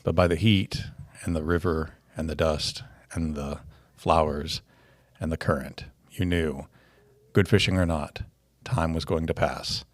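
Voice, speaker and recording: A man voicing a grave older male author, reading his memoir slowly in a hushed, solemn voice. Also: very deep voice, fairly even intonation, no echo, pitched below the performer's own voice.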